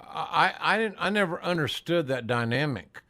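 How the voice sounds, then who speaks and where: An older man hosts a podcast interview, spinning stories in a folksy, salty way and chuckling as he goes. His fairly high voice is expressive and sharp-toned, at a normal speed, in casual interview chat.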